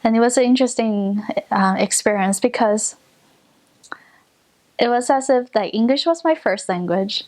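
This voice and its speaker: A young woman whose first language is Mandarin, telling a casual personal story about her missionary service, chatty, with frequent fillers and soft laughs. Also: on the high side, normal speed. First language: Mandarin Chinese. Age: young adult. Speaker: returned missionary.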